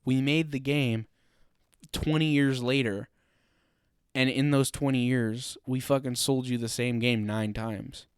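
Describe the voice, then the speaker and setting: A man's voice: mid-range voice, fairly even intonation, a little slow, clean tone, dry recording, clean studio sound. A young man hosting a solo podcast, ranting loosely and profanely with laughing asides. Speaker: podcast host.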